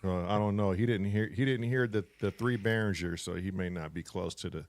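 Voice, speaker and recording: A man's voice: low-pitched, fairly quick, darkish tone. A man hosting a live stream, chatting loosely and jokily and swearing freely. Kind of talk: casual live-stream chat.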